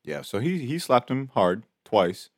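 A man's voice: mid-range voice, measured pace, vocal fry, no echo, studio quality. A man co-hosting a casual movie discussion, repeating fillers and acting out quotes. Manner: lively, repeats filler words, acts out quotes. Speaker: podcast co-host.

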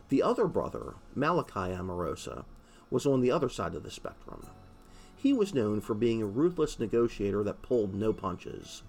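Male audiobook narrator, low gravelly voice, faint hiss.

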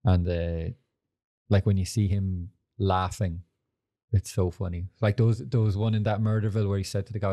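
A young man with a low, mellow voice hosts a laid-back podcast. He rambles from story to story, swears freely and leans on fillers as he goes. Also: steady tone, moderate pace. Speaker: podcast host. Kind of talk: casual chat.

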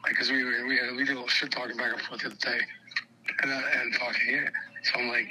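Agitated, swearing man with bright voice. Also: medium pitch, flat delivery, fast talker, a little hiss or hum, poor audio. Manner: profane, agitated, rambling. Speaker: caller telling his story. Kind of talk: heated phone chat.

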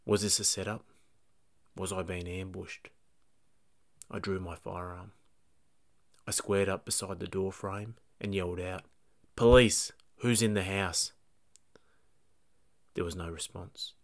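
Male podcast host with a low voice; measured, suspenseful first-person narration. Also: flat delivery. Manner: measured, tense storytelling. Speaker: police dog handler and podcast host.

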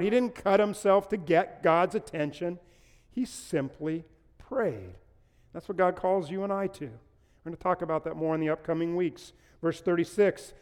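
A high-pitched man with a smooth, resonant voice preaches to an online audience, talking conversationally and pausing for them to type in answers. He slips in playful puns and asides. A long reverb from the large, empty room trails behind every word. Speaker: pastor. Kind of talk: livestreamed sermon.

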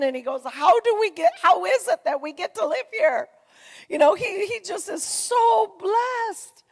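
Middle-aged woman preaching, creaky gravelly voice, chatty and earnest, big echoey church hall. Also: fairly high pitch. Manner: earnest, conversational, swings from loud emphasis to soft near-whispers. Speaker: church speaker. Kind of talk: personal testimony sermon. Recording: long reverb in a large hall.

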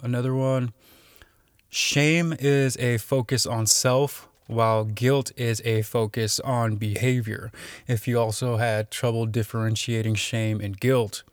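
A man's voice: medium pitch, no room sound, studio quality. A man talking casually on his own, reading out definitions with many fillers and restarts.

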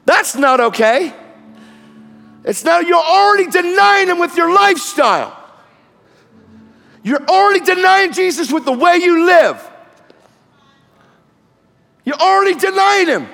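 Male preacher, high lively voice with gravel, shouting fiery sermon, long hall reverb. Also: a little slow, pauses often. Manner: shouting, preachy, storytelling with acted quotes.

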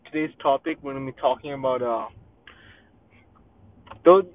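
A man's voice: mid-range voice, normal speed. A young man hosting a solo podcast, ranting in a profane, exasperated way with lots of fillers and restarts. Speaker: podcast host. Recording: tinny phone-quality, dry sound.

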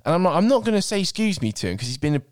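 A man's voice: high voice, very animated, racing, no echo, studio quality. A man, a podcast co-host, telling a comic story in a sweary, mock-exasperated way. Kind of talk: casual comedic storytelling.

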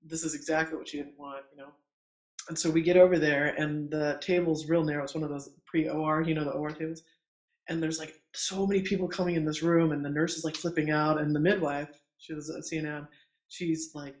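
Middle-aged male midwife, higher voice, chatty animated storyteller who acts out quotes, echoey room. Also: brisk. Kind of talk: casual storytelling in conversation. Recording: roomy echo.

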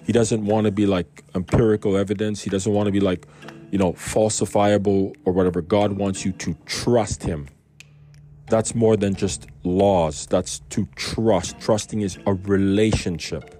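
A man talks through a scripture passage in an easygoing, wandering way, often turning to rhetorical questions. His voice sits on the low side and sounds warm and dark rather than bright. Soft music plays faintly behind him. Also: fairly even intonation, measured pace. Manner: rambling, conversational, full of rhetorical questions. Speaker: Bible reading host. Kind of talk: casual devotional talk.

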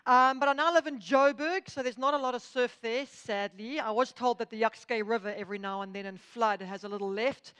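A woman's voice: fairly high pitch, fairly quick, hardly any pauses, a bit bright, clean tone. A South African woman in her thirties giving a humorous, chatty motivational talk. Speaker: speaker.

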